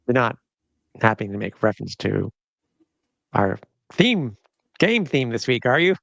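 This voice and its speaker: A middle-aged man with a gravelly edge hosts a sports podcast in loose, joking chat. He rambles and laughs often. The sound is dry and close to the mic. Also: mid-range voice, big pitch swings, a little slow, a bit bright, no echo. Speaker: podcast host.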